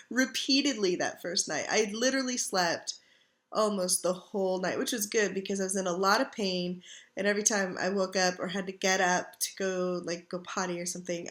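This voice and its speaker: A middle-aged woman chatting casually from her couch at home, sore and tired while recovering from surgery, rambling with lots of fillers. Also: medium pitch. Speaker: vlogger. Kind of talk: casual chat.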